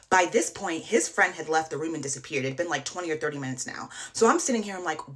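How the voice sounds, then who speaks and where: A woman casually telling a dating horror story, rambling and animated, peppered with likes. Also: on the low side, fast talker, few pauses.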